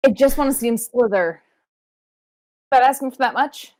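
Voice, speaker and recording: A woman's voice: sits high, moderate pace, a little mellow. A woman co-hosting a wrestling podcast, recapping matches in casual chat with playful wordplay and frequent swearing. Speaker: podcast co-host.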